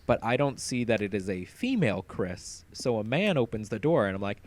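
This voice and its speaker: A young man co-hosting a casual podcast, telling stories in an animated way and acting out the voices. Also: fairly low pitch, brisk, a little hiss or hum. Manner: lively, animated storytelling with acted voices. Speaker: podcast co-host.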